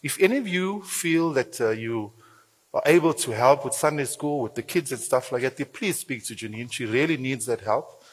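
A man preaching in a church, giving announcements and a sermon in a lively, humorous way with playful asides. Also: mid-range voice, moderate pace, breathy edge. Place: church hall. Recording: reverberant church hall.

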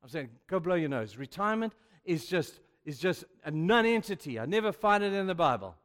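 A man's voice: sits high, expressive, fairly quick, fairly bright tone. Male preacher, chatty and emphatic sermon delivery, long hall echo. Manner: emphatic and chatty, keeps saying "you know". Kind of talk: youth sermon. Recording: echoey hall.

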